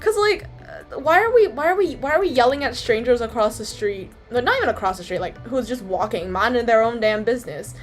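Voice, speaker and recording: A woman's voice: fairly high pitch, expressive, fairly quick, soft background music. A young woman from Canada, chatting casually to her stream viewers in a rambling, filler-heavy way and swearing freely.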